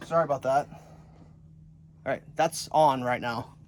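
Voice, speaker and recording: Blunt, joking builder on a job site. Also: male voice, medium pitch, unhurried, noisy background. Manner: blunt, joking, swears freely. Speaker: home builder. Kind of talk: casual how-to vlog. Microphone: handheld camera, some of it filmed one-handed by himself.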